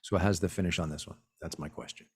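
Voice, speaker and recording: A man's voice: low voice, steady tone, fast talker, husky. A man co-hosting a casual livestream from a home office, wry and teasing. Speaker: co-host.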